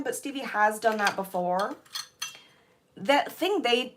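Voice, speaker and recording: A young woman chatting on a casual livestream while sorting jewelry, bubbly and playful, her voice a little hoarse. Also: on the high side, animated, takes it slowly, long pauses, fairly bright tone, a little hiss or hum. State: slightly hoarse.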